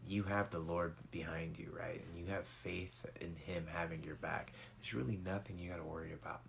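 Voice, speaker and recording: A man retells a Bible story in a loose, slangy, conversational way, full of fillers and asides. His voice is very low and gravelly with vocal fry. There is a faint hiss behind him. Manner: laid-back and slangy, many fillers.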